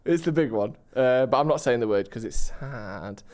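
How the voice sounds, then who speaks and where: A man's voice: medium pitch, expressive, moderate pace, darkish tone. A man co-hosting a podcast, teasing and laughing through casual banter. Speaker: podcast co-host.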